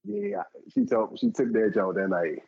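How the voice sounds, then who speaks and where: Male storyteller, casual, very lively intonation with high-pitched quoted voices, slightly muffled lo-fi audio. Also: unhurried, creaky, slight background noise. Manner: animated, acts out quotes in a high voice. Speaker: podcast co-host telling stories.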